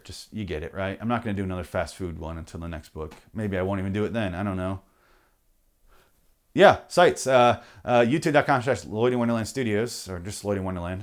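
Male podcast host, rambling outro, profane, jokey rants. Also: lowish voice.

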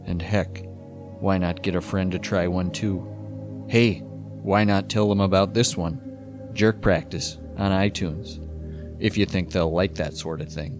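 A man voicing a smooth, low-voiced male promo announcer with a slow, crooning, mock-sincere delivery. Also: steady tone, over music. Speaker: podcast host.

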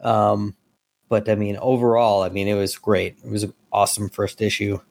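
A man's voice: on the low side, little pitch movement, normal speed, gravelly, darkish tone, no echo. A man appearing as a podcast guest, chatting casually about comics in a loose way, with lots of fillers and some swearing.

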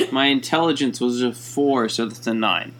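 A player in a tabletop game who asks curious, deliberate questions. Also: medium pitch, a bit bright. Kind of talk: casual tabletop play.

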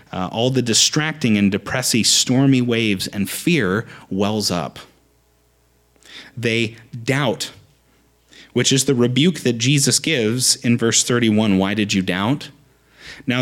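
A man preaching a conversational sermon, lively with frequent restarts. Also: mid-range voice.

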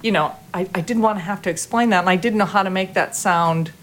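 A woman guest in an interview, telling a story in a lively way, often laughing and restarting her sentences. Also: medium pitch, quick pace, slight background noise. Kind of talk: conversational storytelling.

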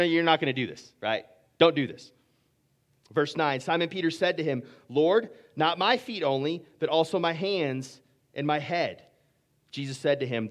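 A man preaching a sermon, reading scripture and explaining it in an earnest way, often repeating words as he goes. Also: fairly high pitch. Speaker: pastor.

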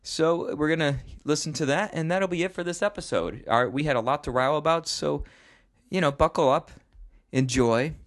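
A man's voice: fairly high pitch, fairly quick. A man hosting a podcast in casual chat, rambling and joking at his own expense with frequent restarts. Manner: rambling, self-mocking, with restarts. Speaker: podcast host.

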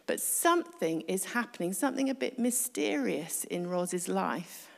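A woman's voice: mid-range voice, lively intonation, normal speed, gravelly. Woman preaching in a reverberant hall. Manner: conversational, asks the congregation rhetorical questions. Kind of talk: sermon.

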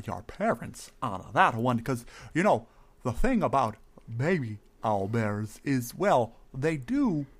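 A man voicing a pushy, jolly Santa in a fantasy bar, with a booming ho-ho laugh and a stammering, hammy delivery.

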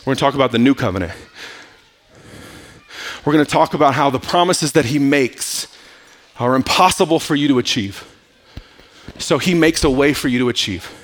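A man's voice: medium pitch, moderate pace, pauses often. A male pastor preaching a sermon at a church service, joking and drawing responses from the congregation.

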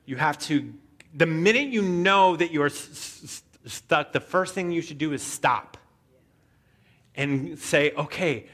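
Bright-voiced male preacher, animated. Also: fairly high pitch, a little slow. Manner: animated storytelling with stammered restarts. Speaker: pastor. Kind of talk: sermon.

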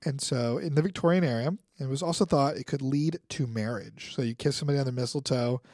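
A man's voice: medium pitch, fast, a little mellow, dry recording, studio quality. A man hosting a casual podcast chat, reading out facts and joking between them with frequent laughter. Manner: laughs often, reads facts off then jokes. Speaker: podcast host.

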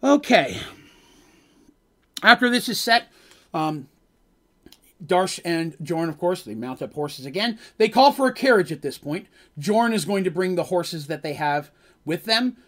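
A man's voice: high-pitched, lively intonation, unhurried, long pauses, fairly bright tone. Chatty man telling a fantasy story. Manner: rambling, chatty, with fillers and asides. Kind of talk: casual improvised fantasy storytelling.

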